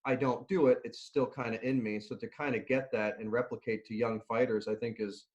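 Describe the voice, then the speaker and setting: A man's voice: mid-range voice, brisk, dull audio. A middle-aged man, a nutrition and strength coach, telling stories in a casual interview, laughing and restarting often. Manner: animated, laughing storyteller with many restarts.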